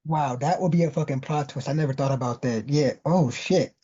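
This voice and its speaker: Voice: mid-range voice, fairly quick, mellow, husky. A co-host in casual chat, giving brief reactions and swearing when surprised. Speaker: podcast co-host. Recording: dull lo-fi recording.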